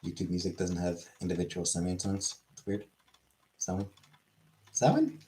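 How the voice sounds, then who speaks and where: A man's voice: sits low, flat delivery, normal speed, warm tone. A man chatting casually on a livestream, rambling and offhand, swearing now and then.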